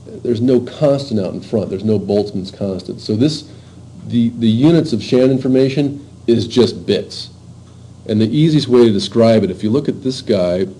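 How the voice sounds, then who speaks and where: A man lecturing to a university class in an informal, halting way, with frequent fillers and restarts. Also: fairly low pitch, mellow, rough recording.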